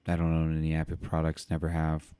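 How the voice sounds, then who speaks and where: A man's voice: extremely low pitch, monotone, brisk, warm tone, clear, resonant tone, no echo. A man co-hosting a podcast, reading news aloud and commenting in a rambling way with many fillers. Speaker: podcast co-host.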